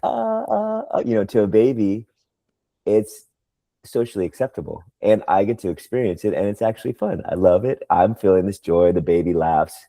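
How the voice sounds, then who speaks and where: Deep gravelly man telling stories. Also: a little fast, few pauses, dry recording. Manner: animated storyteller, mimics baby talk. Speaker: discussion group member. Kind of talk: casual spiritual group discussion.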